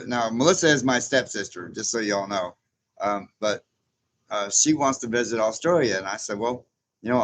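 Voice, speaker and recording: A man's voice: medium pitch, a bit bright, slight background noise. Chatty man in his sixties. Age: 60s. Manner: chatty and rambling, chuckles often. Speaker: livestream host reading viewer chat. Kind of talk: casual live chat.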